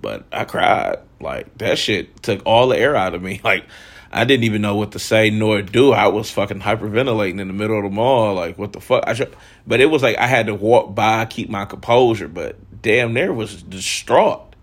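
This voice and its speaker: A man's voice: on the low side, moderate pace. A man in his thirties hosting a candid personal monologue, frank and reflective, swearing freely and saying "like" a lot. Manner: frank, profane, reflective, lots of filler "like". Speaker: host.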